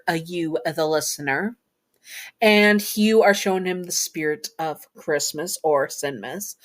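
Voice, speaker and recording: A woman's voice: fairly low pitch, a bit bright. A woman narrating a fan fiction story in a casual, chatty way, with self-correcting asides.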